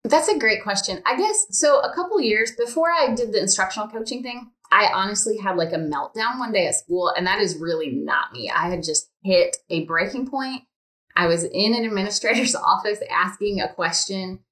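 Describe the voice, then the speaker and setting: A woman's voice: medium pitch, normal speed, fairly bright tone. A woman guest on a podcast, an instructional designer, talking casually and chatting freely with many ums and likes. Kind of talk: casual interview chat. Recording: roomy echo.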